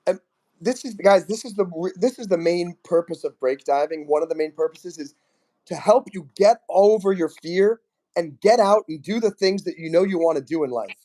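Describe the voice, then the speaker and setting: A man in his forties hosts a live stream in a rambling, enthusiastic way. His voice sits high for a man, and he teases and jokes as he goes. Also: moderate pace, warm tone. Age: 40s. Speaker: host.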